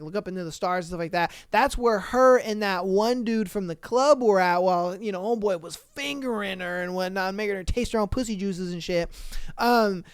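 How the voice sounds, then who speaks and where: Podcast host, loose slangy recap full of curses and fillers, smooth clear voice, dry close mic. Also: medium pitch, no room sound. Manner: rambling, slangy, cursing freely; frequent fillers and self-corrections. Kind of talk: casual story recap.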